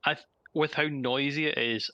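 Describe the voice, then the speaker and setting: A man playing a tabletop game, chatting casually and thinking out loud. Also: a little high, steady tone, normal speed, no room sound, dull audio. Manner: chatty, hesitant, thinking aloud. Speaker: player.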